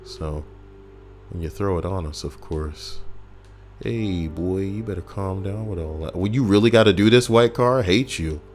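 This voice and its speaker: A man's voice: low voice, moderate pace, a little mellow. A man giving casual, crude and rambling gameplay commentary, reading out a list while he plays and cracking jokes. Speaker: gaming YouTuber. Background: faint background music.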